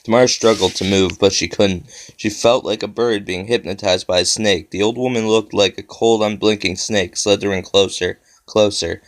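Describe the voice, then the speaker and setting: A man narrating a children's horror story with steady storytelling. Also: fairly low pitch, normal speed. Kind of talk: reading a horror story aloud.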